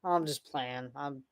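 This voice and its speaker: A man on a livestream answering trolls, sarcastic and mocking with fake dismay. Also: on the high side. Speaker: streamer answering online trolls. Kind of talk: casual livestream talk.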